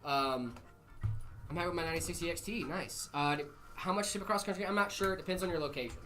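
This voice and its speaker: A man's voice: fairly high pitch, fast, pushed and bright, faint music behind. A man hosting a casual livestream, reading out viewer questions in a loose, chatty way. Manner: loose and chatty, says dude a lot. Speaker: livestream host.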